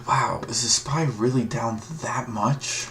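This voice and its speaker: A man's voice: mid-range voice, fairly even intonation, takes it slowly, fairly bright tone, a little hiss or hum. A man streaming live, giving casual, rambling commentary on stock moves as he reads tickers aloud. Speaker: livestream stock trader.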